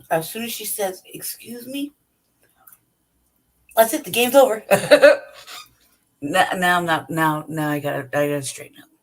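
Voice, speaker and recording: A woman hosting her own channel, ranting bluntly and profanely in a commentary monologue, laughing between points and asking "right?". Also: lowish voice. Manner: talks straight to the listener with repeated "right?". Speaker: channel host.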